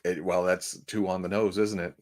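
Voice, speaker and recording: A man with a Southern US accent hosts a live show and talks loosely with his chat. His voice sits on the low side. He rambles and chuckles often, poking fun at himself. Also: flat delivery, normal speed, a little mellow. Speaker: podcast host. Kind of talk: casual livestream chat with viewers.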